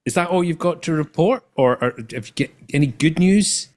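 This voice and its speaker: A man co-hosting a casual hobby podcast, teasing the others with quick remarks. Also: on the high side, a little mellow. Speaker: podcast co-host. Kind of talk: casual chat.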